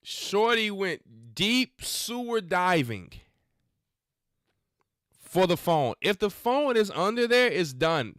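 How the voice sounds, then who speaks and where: A man hosts a faith podcast, reacting to clips with scolding, preachy remarks in casual slang. His voice is smooth and resonant, recorded dry and close with no room sound. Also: sits high, fairly bright tone, no echo. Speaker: podcast host. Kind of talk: religious commentary on videos.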